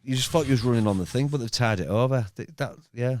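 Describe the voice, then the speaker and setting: A middle-aged man with a Hull accent, telling animated, rambling stories in a casual podcast chat. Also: quick pace. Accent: Hull, East Yorkshire. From Hull, England. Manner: animated, rambling storyteller with sudden pitch jumps. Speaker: podcast host.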